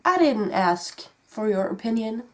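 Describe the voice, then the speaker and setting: Woman, vlogger, slow speech, defiant, blunt. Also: fairly high pitch, sing-song. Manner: defiant, slow, with sighs and swearing. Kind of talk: played vlog clip.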